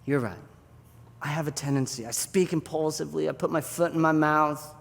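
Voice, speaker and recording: A man's voice: a little high, fairly quick, creaky, big-room sound. A pastor voicing an impulsive, self-doubting grown man confessing his failures in an earnest, self-deprecating way. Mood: resigned.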